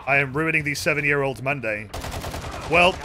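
This young man's voice sits on the high side and moves at a normal speed as he streams a shooter game. His casual play-by-play mixes profanity, joking banter and offhand rants.

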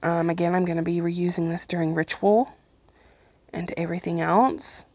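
A woman's voice: lowish voice, steady tone, moderate pace, a little mellow, no echo. A woman chatting casually through a home unboxing on her phone, gushing and apologetic, often stretching out her words. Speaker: vlogger reviewing products. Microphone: phone held in hand, then set down.

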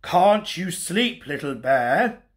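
A man doing a gentle, patient big bear. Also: fairly high pitch, big pitch swings, slow.

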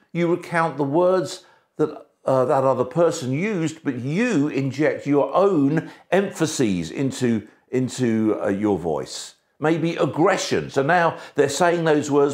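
A man preaching a sermon, emphatic, dropping soft and then rising for stress. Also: fairly high pitch, expressive, unhurried. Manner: emphatic, shifts between soft and raised delivery.

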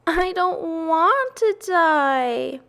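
A woman voicing a frightened young male pig in a storybook read-aloud, crying out in high, loud, drawn-out pleas. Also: big pitch swings, heavily acted. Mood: panicked.

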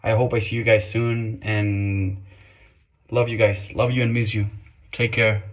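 Guy sending holiday wishes, pretty flat voice, loud and friendly. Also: on the low side, unhurried. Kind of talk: video greeting message.

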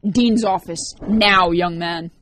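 A woman's voice: on the low side, slow, a bit bright, a little hiss or hum. A woman voicing a stern schoolteacher who scolds a student.

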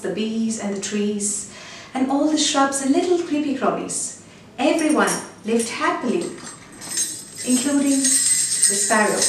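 A woman narrating a fable and an appeal in an earnest, measured storytelling way. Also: on the high side, slight background noise. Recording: very echoey, distant, with faint music.

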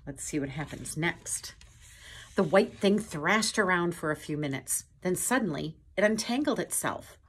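Slow, animated woman reading to kids. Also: lowish voice, slightly rough. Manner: slow, animated, chatty asides to young viewers. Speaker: storyteller host. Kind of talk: reading a picture book aloud to children.

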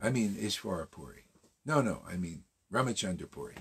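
A man's voice: sits low, lively intonation, a little fast, creaky, fairly bright tone, a little hiss or hum. A man giving an informal morning class sermon, casual and emphatic, full of rhetorical questions and slang. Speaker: spiritual teacher.

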